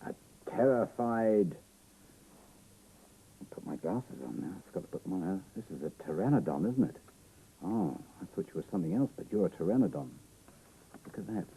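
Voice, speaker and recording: A middle-aged Australian man reads a picture book to small children, his low voice gravelly and a little husky. He plays it up with lively swoops, gasps and exclamations, keeping it playful throughout. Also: poor audio. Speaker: children's TV presenter.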